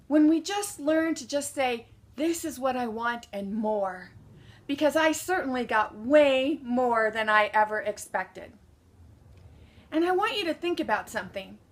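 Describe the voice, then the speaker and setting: A woman speaker telling a personal story in an animated way, acting out what people said and answering her own questions to the audience. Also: sits high. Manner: asks the audience questions and answers them herself. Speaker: motivational speaker.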